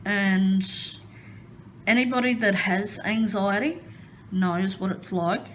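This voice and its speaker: A woman's voice: mid-range voice, slow pace, a little hiss or hum, low-quality recording. A woman chatting casually while crafting at home, rambling and hesitant with many ums. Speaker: crafting vlogger.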